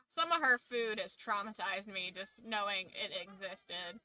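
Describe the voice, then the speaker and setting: A woman's voice: medium pitch, a little slow, pushed and bright, rough recording. A woman streamer chatting casually with her viewers, rambling and chatty, swearing freely and trailing off mid-thought. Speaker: streamer hosting a watch-along. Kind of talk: casual live chat.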